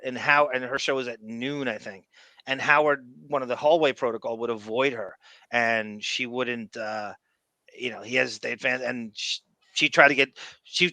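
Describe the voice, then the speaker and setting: Middle-aged podcast host, faint Long Island accent, rambling and emphatic, bright tone. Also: male voice, medium pitch, no echo. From Long Island, New York. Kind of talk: casual chat.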